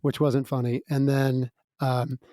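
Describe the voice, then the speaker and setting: A man's voice: medium pitch, level tone, unhurried, warm tone, no room sound. Chatty man with a dry, close sound. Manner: chatty, laughs between lines, many fillers. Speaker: musical guest. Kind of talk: casual storytelling interview.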